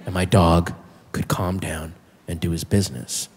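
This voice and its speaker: A man doing a stand-up comedy set, telling a story with animated delivery and shouting his punchlines. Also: low-pitched, normal speed. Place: comedy club stage with audience. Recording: reverberant room with faint audience.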